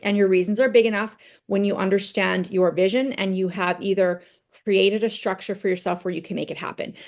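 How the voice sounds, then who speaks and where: A woman's voice: mid-range voice, fairly even intonation, brisk. Chatty woman giving a motivational training. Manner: conversational, tags points with "right?"; tells personal stories to make points. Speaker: team trainer.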